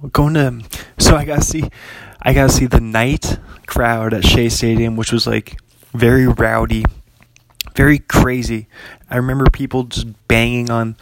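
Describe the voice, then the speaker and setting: A man's voice: mid-range voice, a little hiss or hum. A young man chatting casually as a podcast host, rambling with lots of fillers and frequent laughs. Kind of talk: casual chat.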